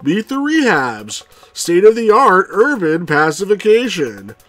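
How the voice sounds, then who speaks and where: A man putting on a smug high-pitched TV newscaster voice. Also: huge pitch swings, slow, fairly bright tone, dry recording, heavily acted. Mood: pompous. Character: slick male TV newscaster, smug and stilted.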